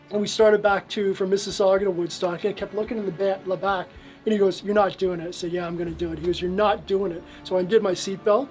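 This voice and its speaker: In a low-quality recording, a man from Canada with a high, darkish voice shows guests around his collection, telling stories casually. He's the museum owner, and his tour rambles with frequent fillers and restarts.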